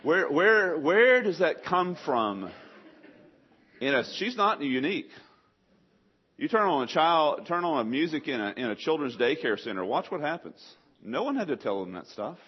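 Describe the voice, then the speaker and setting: Animated preaching man, slightly muffled. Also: medium pitch, normal speed, slightly rough. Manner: animated preaching with sudden loud acted outbursts. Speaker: pastor. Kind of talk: sermon. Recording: slightly dull lo-fi sound.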